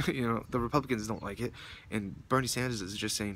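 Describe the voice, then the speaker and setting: Out in the cold near traffic, a young man vlogs on his phone camera, shivering while he rambles and swears through a heated rant. His lowish voice is a little fast and fairly bright, and the recording is noisy with traffic.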